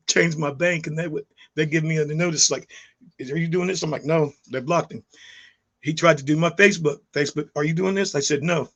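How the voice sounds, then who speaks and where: A middle-aged man tells his story straight to the camera for his channel, a vlog with no script. His voice is gravelly and sits a little high for a man, and he rambles and restarts, heated as he goes. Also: fairly bright tone. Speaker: YouTube vlogger.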